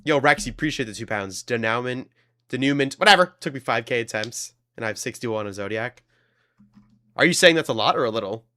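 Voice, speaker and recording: A man's voice: mid-range voice, animated, fairly quick, pushed and bright. A man live-streaming a game, chatting and laughing with his chat in a joking way. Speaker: gaming streamer.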